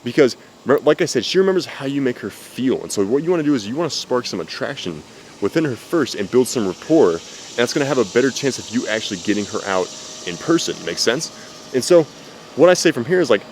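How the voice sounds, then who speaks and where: A man's voice: mid-range voice, big pitch swings, fairly quick, a little mellow, slight background noise. A man giving blunt, profane dating advice in casual talk to camera, outdoors. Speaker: dating coach. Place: outdoors with cicadas. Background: faint cicadas.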